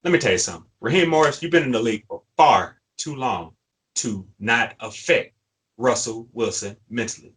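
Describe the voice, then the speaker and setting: A sports podcast co-host rants in fired-up fan commentary, hammering and repeating his points, worked up and frustrated. His mid-range voice is animated and fairly bright with a breathy edge, moving at a moderate pace over poor-quality audio.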